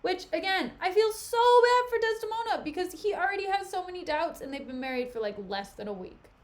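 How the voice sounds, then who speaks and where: A woman's voice: extremely high pitch, expressive, fairly quick. A young woman streaming, retelling a play in a chatty, gossipy way full of "like". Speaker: streamer reading a play aloud. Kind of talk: casual chat and retelling.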